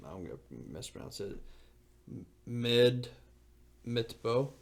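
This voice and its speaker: A young man in his twenties with a gravelly, creaky voice at an ordinary pitch co-hosts a casual podcast. He rambles in loose, excitable bursts and fills his talk with "like.". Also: slow. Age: 20s. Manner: rambling, full of "like" fillers, excitable. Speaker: podcast co-host. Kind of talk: casual chat.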